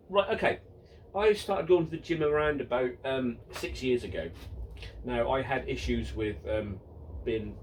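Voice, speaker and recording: A man's voice: mid-range voice, far from the mic, slight background noise, low-quality recording. A man in his fifties hosting a casual Q and A, reading out viewer questions in a jokey, self-mocking way with many ums and restarts. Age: 50s. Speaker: model railway channel host.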